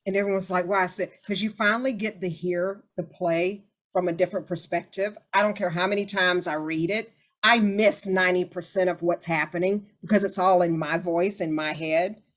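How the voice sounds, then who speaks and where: A woman hosting a casual group discussion, chatty and animated as she tells stories. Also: lowish voice, normal speed.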